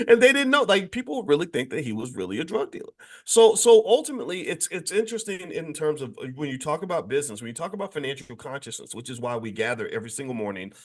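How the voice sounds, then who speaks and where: A man hosting a daily morning show, talking in an emphatic, animated monologue full of restarts and repeated words. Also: a little high, quick pace. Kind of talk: casual monologue commentary.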